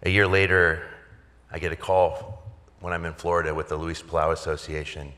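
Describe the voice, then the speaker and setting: A man's voice: deep voice, level tone, normal speed, bright, forceful tone, long reverb tail. A man, a pastor, telling a personal story at a gala in a candid, conversational way with wry humor. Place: large event hall.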